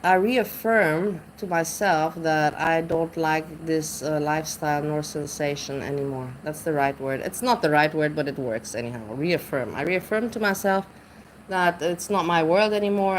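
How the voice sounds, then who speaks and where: Rambling low-voiced woman streamer. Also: fairly even intonation, moderate pace, a little hiss or hum, rough recording. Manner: rambling, searches for words, restarts often. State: intoxicated. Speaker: livestreamer reading chat. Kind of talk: casual livestream chat.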